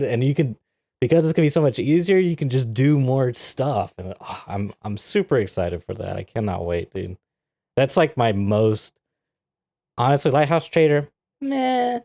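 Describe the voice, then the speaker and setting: Medium-pitched and moderately paced, a man co-hosts a podcast, recounting a story in laid-back conversation. The recording is dry and studio quality. He's animated, laughs often, and acts out quotes.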